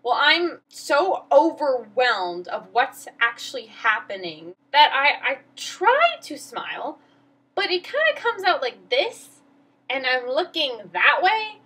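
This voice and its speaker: A woman's voice: sits high, sing-song, slow, pushed and bright, low-quality recording. A teenage girl vlogging, telling a story in a rambling, flustered, self-mocking way. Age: teens. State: emotional. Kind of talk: casual storytelling vlog.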